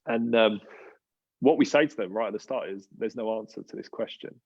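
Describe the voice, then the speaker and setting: A man's voice: lowish voice, moderate pace, creaky, darkish tone, muffled recording. A man with an Australian accent hosting a church panel, talking through a passage in a conversational, thoughtful way with many fillers and restarts. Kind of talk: casual talk on a live panel.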